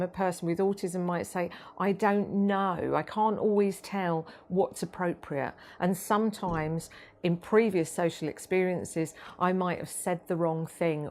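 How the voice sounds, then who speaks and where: A woman giving a training talk about autism, measured and explanatory, with frequent ums and restarts. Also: lowish voice.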